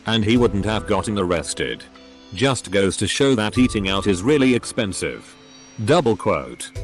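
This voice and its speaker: A man reading forum posts aloud, speaking punctuation marks as words. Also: lowish voice. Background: faint background music.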